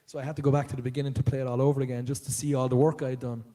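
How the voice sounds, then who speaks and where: Irish guy on a con panel, soft mellow voice, chatty storyteller who keeps doing other people's voices. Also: mid-range voice, level tone, very fast. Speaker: panel guest, voice actor. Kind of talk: convention panel Q&A. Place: large auditorium, live.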